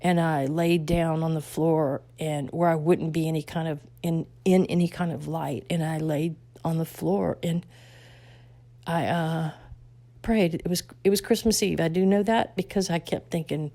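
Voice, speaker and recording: A woman telling her life story on a vlog, halting and heartfelt, with many restarts and soft whispered stretches. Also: deep voice, steady tone. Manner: halting, full of restarts, drops to soft whispers at tender moments. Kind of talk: emotional personal storytelling.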